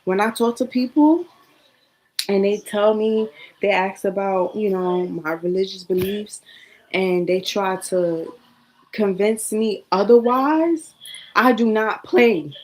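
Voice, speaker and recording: A young woman talks straight to camera in a personal vlog. Her pitch sits in the middle, and her delivery is earnest and casual. She repeats phrases and now and then drops to a whisper. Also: slow, darkish tone, rough recording. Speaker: vlogger. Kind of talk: emotional personal vlog monologue.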